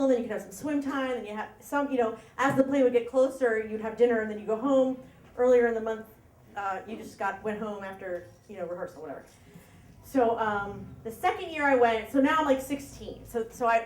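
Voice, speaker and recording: High-voiced woman telling a story on stage. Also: roomy sound. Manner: chatty, self-mocking, laughs at her own lines. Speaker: storyteller at a live story slam. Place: live event room with audience. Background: audience laughter.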